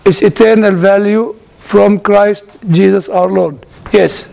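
A man's voice: high-pitched, fairly even intonation, slow, gravelly, warm tone. A man with a non-native English accent telling humorous stories to an audience, chuckling often and repeating words. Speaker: speaker addressing an audience. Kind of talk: humorous storytelling talk. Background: audience laughter.

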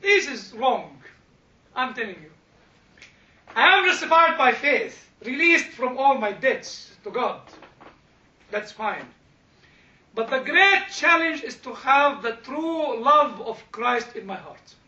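A man with a very high, bright voice leads a church study group in an informal, animated way. He repeats himself, chuckles and keeps turning to his listeners. He was recorded from a distance in an echoey indoor room, and the sound is somewhat dull. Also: takes it slowly. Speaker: church discussion leader.

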